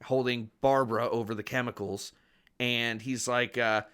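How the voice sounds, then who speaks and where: A man with a bright, forward voice chats casually as a podcast co-host. He gets enthusiastic, retells scenes with gusto and swears without a second thought. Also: medium pitch, fairly even intonation, moderate pace, clean tone.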